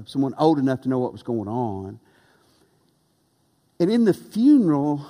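A man preaching a sermon as pastor, earnest and emphatic, with dramatic pauses. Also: medium pitch, warm tone. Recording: long reverb of a large hall.

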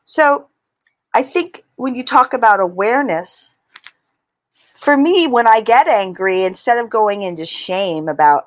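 Animated middle-aged woman in a dry room. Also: fairly high pitch, a little slow, no room sound. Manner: animated, acts out inner voices. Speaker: interview guest, author. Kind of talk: conversational interview.

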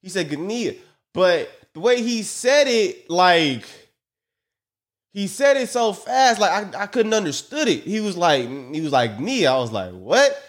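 A man's voice: sits high, animated, a little slow. A man hosting a podcast, telling a rambling, profane, joking story into a phone mic. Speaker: podcast host. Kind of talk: casual storytelling monologue.

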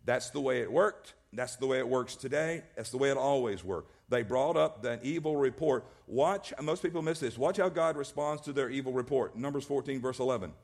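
A man's voice: medium pitch, brisk, few pauses, a little mellow. A male pastor preaching a sermon, emphatic and repetitive, often restarting his words. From American South.

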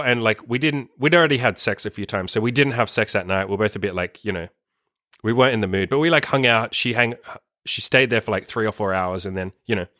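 A young man casually telling a personal story on his show, animated and full of swearing and fillers. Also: medium pitch, no room sound, studio quality. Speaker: podcast host.

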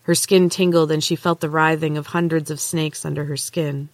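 Woman host reading a novel chapter aloud, steady measured pace, dry close mic. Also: deep voice, no echo. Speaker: podcast host and author. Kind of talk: storybook narration.

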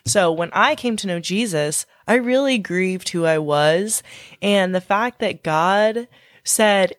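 A woman's voice: medium pitch, slow, dry recording, studio quality. A woman co-hosting a Christian parenting podcast, tearful and speaking in a heartfelt, reflective way. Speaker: podcast co-host.

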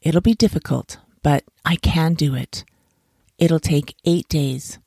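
A clever village barber speaks in a polite, measured way with a hint of slyness, in a voice lifted above the reader's low range, as a woman narrator puts him on. The delivery is storybook-calm. The sound is dry and close. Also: creaky, breathy edge, no room sound, full character voice.

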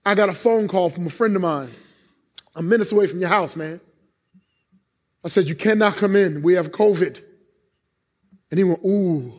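A high-pitched male pastor preaching in church, acting out God's answers as he tells emotional stories from his own life. His voice rings through a hall with a long, lingering reverb. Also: normal speed, long pauses, a little mellow. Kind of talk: sermon.

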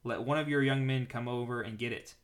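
A man's voice: mid-range voice, fairly even intonation, brisk, natural voice. A man reading the part of a bold young male warrior, earnest and declaiming in a slightly raised voice.

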